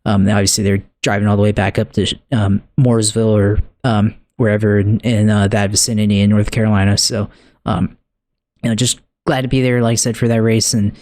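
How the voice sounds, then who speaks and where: A man's voice: fairly low pitch, a little fast, no echo. A man co-hosting a podcast, giving a casual, rambling recap full of fillers and restarts. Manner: relaxed, conversational. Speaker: podcast co-host.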